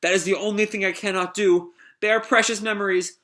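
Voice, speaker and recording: A man's voice: high-pitched, fairly even intonation, brisk, pushed and bright, voice pushed up. A man reading manga aloud, voicing a timid female android maid who pleads in a raised, strained voice. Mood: pleading.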